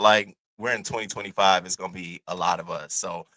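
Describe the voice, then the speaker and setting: A man hosting his own channel, telling a casual story to his viewers in an animated, profane, chatty way. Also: sits low, normal speed, no room sound. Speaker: host.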